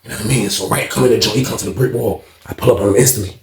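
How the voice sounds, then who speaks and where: A man telling a story in a casual, animated, slangy way, acting out the quotes. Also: fairly low pitch, very fast, roomy sound, distant mic.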